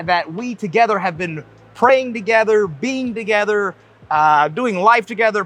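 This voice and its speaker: High-voiced man, rambling podcast host. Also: moderate pace, a bit bright, faint music behind. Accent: Southern US, softened. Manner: rambling, many fillers and restarts, enthusiastic. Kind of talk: casual conversation, introducing a guest.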